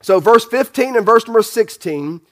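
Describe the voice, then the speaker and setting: A pastor with a high voice preaches a sermon at a moderate pace, expressive and emphatic. He fires off rhetorical questions and frequently restarts his phrases.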